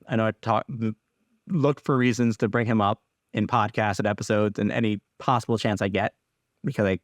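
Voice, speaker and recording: A young man hosting his own podcast, talking candidly and haltingly, with frequent restarts and casual swearing. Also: fairly low pitch, no echo, clean studio sound. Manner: rambling, halting, restarts often. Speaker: podcast host. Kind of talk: candid personal podcast monologue.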